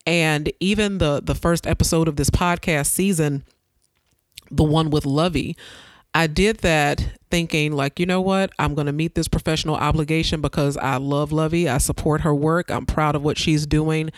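A woman's voice: deep voice, fairly even intonation, moderate pace, dry recording. A woman hosting her own podcast, giving an earnest, preacher-like motivational talk that repeats phrases for emphasis. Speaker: podcast host.

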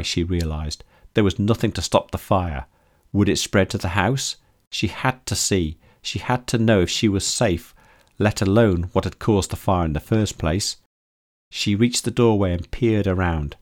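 A man reading his own story aloud as narrator, in a steady, measured delivery. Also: low-pitched. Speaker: author and narrator. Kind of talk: scripted audiobook narration.

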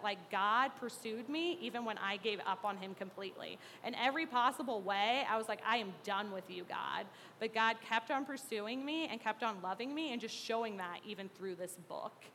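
A woman gives a personal testimony in a bright, forward voice. She speaks earnestly and haltingly, with plenty of fillers. Her words trail off into a long reverb, and there is faint noise behind her. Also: mid-range voice. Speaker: speaker sharing a faith testimony.

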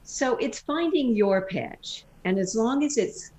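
A woman's voice: a little high, expressive, slow pace, darkish tone, poor audio. A woman guest who works as a voice coach, explaining vocal technique in an interview and demonstrating exercises. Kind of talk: interview answers.

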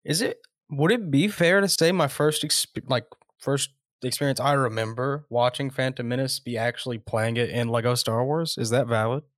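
A man's voice: mid-range voice, normal speed, fairly bright tone, dry recording. A young man guesting on a podcast, easygoing and a little hesitant, filling gaps with "uh" and "you know". His voice comes through dry and close, with no room sound around it. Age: young adult. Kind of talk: casual chat.

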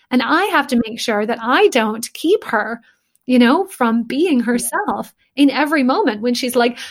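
A woman speaking earnestly and emotionally in a casual podcast conversation, thinking aloud with many fillers. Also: a little high.

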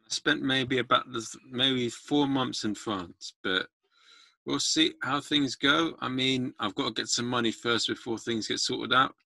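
A man's voice: medium pitch, fairly even intonation, measured pace, creaky, sharp tone, no echo. A man hosting a podcast, chatting casually and making self-mocking jokes that ramble a little. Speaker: podcast host. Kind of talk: casual chat.

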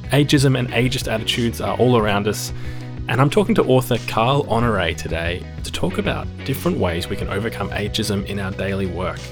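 A man hosting a podcast, reading an upbeat welcome and chatting with a guest. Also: fairly low pitch. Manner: upbeat, friendly scripted delivery. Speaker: podcast host. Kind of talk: podcast intro and interview. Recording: music bed under the voice.

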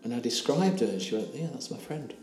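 A man in his sixties tells a deeply personal story, halting and earnest, slipping into quoted dialogue. His voice is mellow and dark, and it rings in a roomy space over a faint hiss. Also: animated. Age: 60s. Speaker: interview guest.

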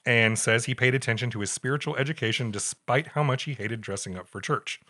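Bright-voiced man telling a story. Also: medium pitch, a little fast. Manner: wry, reads quotes aloud with put-on voices. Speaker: podcast co-host. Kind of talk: casual storytelling chat.

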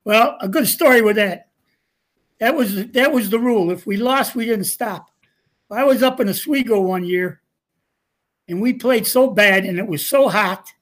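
A man's voice: high-pitched, moderate pace, fairly bright tone. Older male guest, retired coach, folksy storyteller, chuckles often. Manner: folksy, chuckling anecdotes with quoted dialogue. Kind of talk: casual storytelling.

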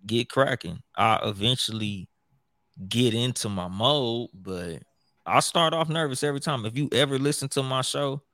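A man's voice: medium pitch, expressive, moderate pace, fairly bright tone, dry recording, studio quality. A man who hosts his own show, chatting casually in a profane, rambling way with many restarts. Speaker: podcast host. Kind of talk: casual chat.

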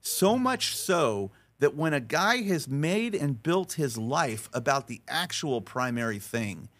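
A middle-aged man, a podcast guest, talking in an emphatic, animated way, acting out dialogue as he tells stories with frequent restarts. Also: medium pitch, slow. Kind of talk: conversational storytelling interview.

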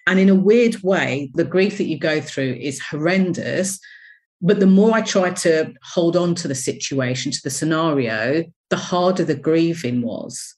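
A woman with a fairly low voice tells her story as an interview guest. She speaks candidly and expressively. Her tone is reflective. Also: a little slow, a little mellow. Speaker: interview guest, business coach.

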